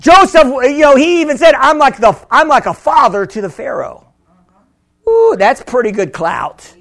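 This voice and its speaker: A man preaching a sermon as pastor, with sudden shouts and many repeated words. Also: very high-pitched, big pitch swings, normal speed.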